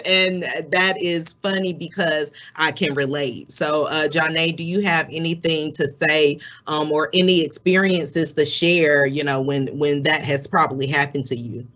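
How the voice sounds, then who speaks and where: A man's voice: fairly high pitch, fairly even intonation, measured pace, bright, forceful tone. A man from Florida hosting a webinar over a video call, talking reflectively with many fillers and restarts. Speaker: webinar host. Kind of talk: webinar moderation.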